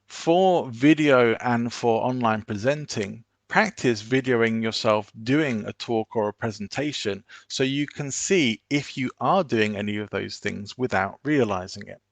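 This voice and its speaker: A man leads an online business seminar in a steady, measured, deliberate way, clearly instructing his audience. His gravelly, medium-pitched voice sits in a middle register, and the recording is dry and close with no echo or room sound.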